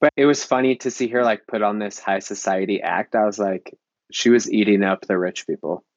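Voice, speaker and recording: Lowish-voiced guy on a movie panel, says like a lot, kinda muffled dry recording. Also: fairly quick, no room sound. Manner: chatty, lots of "like". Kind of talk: casual film discussion.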